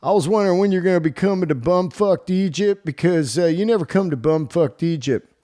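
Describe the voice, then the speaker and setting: A man's voice: high voice, fairly quick, dark tone, natural voice. A man playing an eager small-town radio caller who rambles with hesitant fillers.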